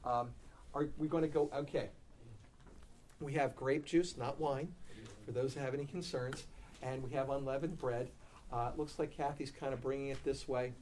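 The middle-aged preacher keeps a fairly even intonation and normal speed, telling a story with loud animated bursts and quiet, low-key stress on his main points. A little hiss or hum runs under the recording.

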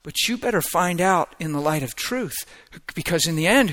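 A man preaching a sermon with an emphatic, repetitive cadence, swinging between hushed murmurs and rising, shouted exhortation. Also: fairly high pitch, lively intonation, moderate pace.

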